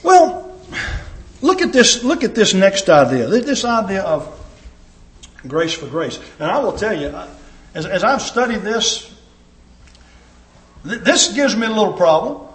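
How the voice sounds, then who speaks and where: A man preaching a sermon with emphatic delivery and sudden swings in pitch and loudness. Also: big pitch swings, unhurried, long pauses, reverberant.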